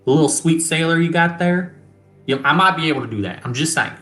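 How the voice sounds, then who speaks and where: Brief: performer putting on a crude, gruff male mechanic, bright edge, roomy echo. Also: medium pitch, quick pace, lightly acted. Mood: defensive. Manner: blunt, profane, folksy grammar. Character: gruff crude male starship mechanic, fiercely protective of a classic ship. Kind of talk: tabletop role-play, game master voicing a character.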